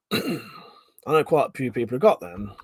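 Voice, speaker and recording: A man's voice: medium pitch, big pitch swings, a little slow, slightly rough, no echo, clean studio sound. A man from Buckinghamshire, hosting a livestream in casual chat, reading out viewer comments, laughing often and swearing freely. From Buckinghamshire, England. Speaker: livestream host.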